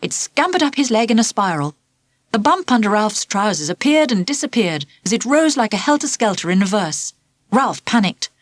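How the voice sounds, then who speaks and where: A woman reads a children's storybook aloud in an expressive, animated way, her voice rising and falling freely through the scenes. The recording is close and dry, with no room sound. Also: mid-range voice, normal speed, no echo. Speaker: audiobook narrator. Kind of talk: scripted storybook narration.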